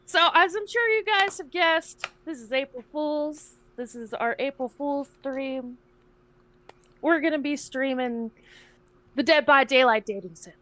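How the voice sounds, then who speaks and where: A woman co-hosting a game stream, chatting and giggling at the story. Her voice is high and bounces up and down, and she talks at an unhurried pace. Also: animated, pushed and bright. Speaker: streamer co-host. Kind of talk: casual game stream chat.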